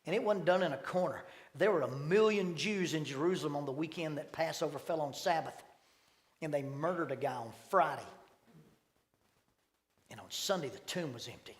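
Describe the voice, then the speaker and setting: Middle-aged man preaching, lively storyteller with a slightly high voice, echoing through a big church hall. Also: normal speed, long pauses. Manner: storytelling, acting out quoted voices with sudden loud bursts. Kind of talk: sermon. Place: church sanctuary. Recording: long hall reverb.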